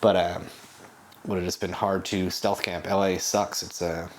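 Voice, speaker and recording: A man's voice: deep voice, little pitch movement, normal speed. A young man telling a travel story in a casual, rambling way, laughing often and swearing. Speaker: travel show host.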